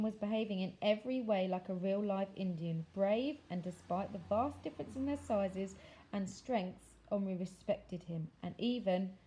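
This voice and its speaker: Mellow-voiced woman reading a story aloud. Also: mid-range voice, rough recording. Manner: expressive, measured storytelling with slowed dramatic phrases. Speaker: teacher. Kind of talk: reading a children's novel aloud.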